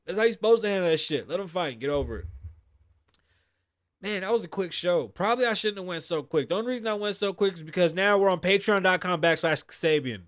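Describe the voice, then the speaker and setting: A man from Boston with a slightly high voice hosts a casual solo show. He reads news items aloud and riffs on them in a blunt, profane way. The sound is dry and close to the mic. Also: animated, quick pace, no echo. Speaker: show host.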